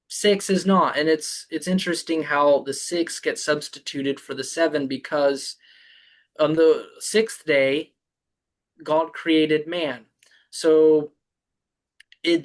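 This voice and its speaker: A man presenting a Bible study, speaking slowly and deliberately, with frequent ums and restarts. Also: mid-range voice. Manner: halting, with many ums and restarts.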